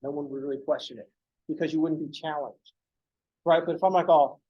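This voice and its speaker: A man's voice: a little high, fairly even intonation, a little fast, lo-fi sound. A man teaching math in a casual recorded lecture, joking and swearing freely.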